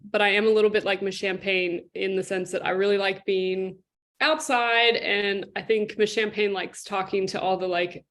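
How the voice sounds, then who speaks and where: A woman improv player introducing herself over a video call, gentle and a little hesitant. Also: mid-range voice. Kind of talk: casual self-introduction.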